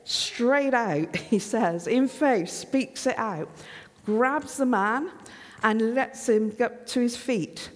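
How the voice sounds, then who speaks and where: Woman preacher, slow and deliberate, animated storyteller, echoing hall sound. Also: fairly high pitch. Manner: lively storyteller, acts out dialogue with chuckles. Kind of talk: sermon retelling a Bible story. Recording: long hall reverb.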